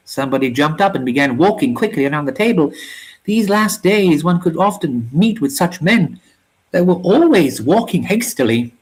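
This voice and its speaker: A reader narrating a grim war novella aloud in a measured, somber way. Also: mid-range voice, breathy edge, rough recording. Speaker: reader of a story channel.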